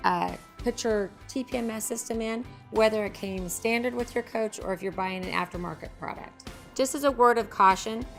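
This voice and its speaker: A woman host, a little hoarse, giving an upbeat product demonstration at her company's facility. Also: medium pitch.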